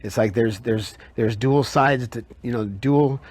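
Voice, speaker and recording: A man guest in a casual interview at a kava bar. He talks in halting bursts and often repeats words while he searches for phrasing. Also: medium pitch, darkish tone, a little hiss or hum. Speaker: guest, herbal medicine maker.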